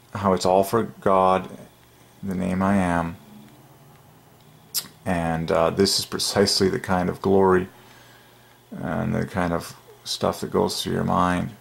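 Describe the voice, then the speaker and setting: A man with a very deep, heavily gravelly voice delivers an excited religious monologue straight to his viewers. He talks emphatically and keeps breaking into little chuckles. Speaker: channel host. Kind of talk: casual religious monologue to camera.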